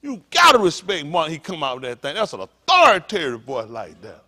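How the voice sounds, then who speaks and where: High, lively-pitched fiery preacher man. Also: a little fast. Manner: rhetorical, repeated questions to the congregation; blunt and profane with joking asides. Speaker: pastor. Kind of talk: fiery street-talk sermon.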